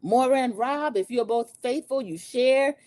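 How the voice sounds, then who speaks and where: A woman's voice: sits high, measured pace, no room sound. Chatty woman recapping TV. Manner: chatty, animated, talks straight to listeners. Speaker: podcast host. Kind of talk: casual TV recap chat.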